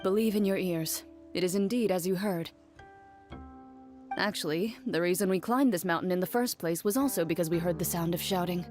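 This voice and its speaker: A woman voicing a calm, reserved woman in a game who speaks in a level, matter-of-fact way. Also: fairly low pitch, fairly quick, music in the background, lightly acted. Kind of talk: game voice acting.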